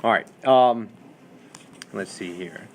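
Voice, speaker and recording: A man's voice: on the low side, slow, a little hiss or hum. Man teaching a Bible class. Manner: conversational, asks the class questions, many fillers. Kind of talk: classroom lecture with questions.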